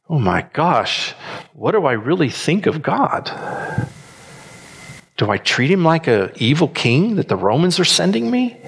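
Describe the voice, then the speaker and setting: Man, pastor preaching, lively pitch, slow unhurried delivery, questions to the congregation. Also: gravelly, husky. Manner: animated, asks the congregation questions. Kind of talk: sermon.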